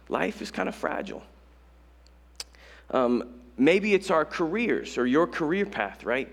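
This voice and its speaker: A young man from Colorado, a high school pastor, preaching a casual sermon full of self-mocking stories, voice rising sharply when he acts out his own panic. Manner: conversational storytelling with self-mocking humor.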